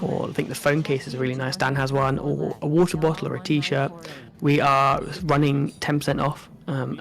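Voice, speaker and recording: A man co-hosting a live stream, chatting casually with a relaxed manner and frequent ums. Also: fairly high pitch. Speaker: stream co-host.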